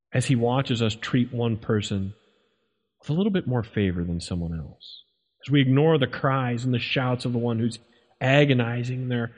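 A male pastor preaching in a church sanctuary, his voice carrying a long hall reverb. He delivers the sermon with dramatic emphasis, leaning hard on rhetorical questions. His pitch sits in an ordinary middle range for a man. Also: darkish tone.

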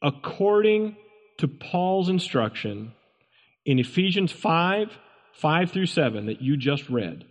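A male pastor delivers an impassioned sermon, his fairly high voice rising to stern warnings and dropping to quiet, earnest asides. He sounds like he is in a large church sanctuary, with a long reverb trailing his words. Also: big pitch swings, slow. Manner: impassioned preaching, swinging between loud stern warnings and soft low asides.

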